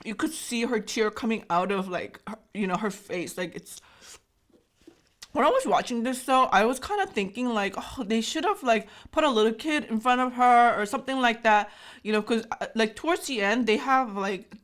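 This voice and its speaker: A woman's voice: on the high side, lively intonation, normal speed. A woman in her thirties, a native Korean speaker, giving an emotional, gushing reaction commentary full of fillers. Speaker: YouTube host.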